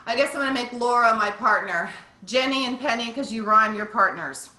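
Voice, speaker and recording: A woman with a high-leaning, bright and forceful voice speaks briskly as she leads a live online workout class over a video call. She is upbeat and encouraging while counting down reps, recorded in an echoey room far from the mic.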